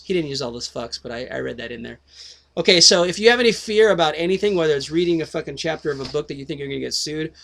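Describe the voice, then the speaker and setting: A man's voice: a little high, fast, vocal fry, fairly bright tone. Profane rambling man on a headset. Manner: swears constantly, tangents, self-interrupting. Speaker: video host.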